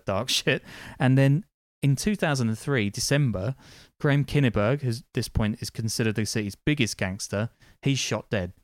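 A man's voice: on the low side, no room sound. A man hosting a podcast, recounting events from notes in a casual, wry way with dry asides and frequent ums. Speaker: podcast host.

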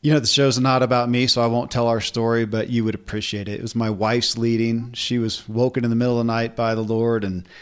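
Relaxed male podcast host. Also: mid-range voice, fast talker, few pauses, clean tone. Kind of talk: podcast interview.

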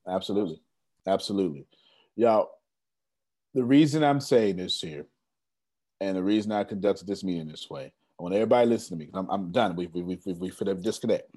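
A man's voice: low voice, fast. A man hosting an online team meeting, talking in a casual, slangy and teasing way, repeating himself for emphasis. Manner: animated, slangy, teasing and repetitive. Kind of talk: casual motivational team call.

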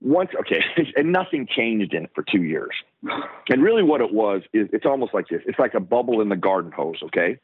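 A middle-aged man with a fairly low voice tells a long personal story as an interview guest. He brings the story alive by acting out other people's lines. He comes through a dry, thin phone line. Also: brisk, breathy edge, no echo. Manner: animated storyteller who acts out the lines of others. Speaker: guest, former football player.

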